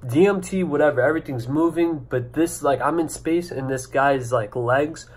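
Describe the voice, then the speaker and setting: A young man telling a story to camera in a casual, excited, rambling way, full of "like" and "you know", recorded on a camera mic indoors. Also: fairly high pitch, normal speed, husky. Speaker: vlogger.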